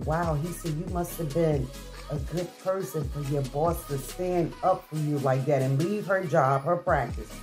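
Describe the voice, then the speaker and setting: A low-pitched, middle-aged woman recounts a personal story straight to her viewers, chatty and heartfelt, stopping and restarting often. Light music plays softly behind her voice. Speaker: vlogger. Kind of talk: casual storytelling to camera.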